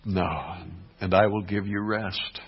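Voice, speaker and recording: A pastor delivering a sermon, swinging between hushed, quiet passages and emphatic, rising ones. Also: male voice, low-pitched, fairly even intonation, slow, husky. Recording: dull lo-fi recording.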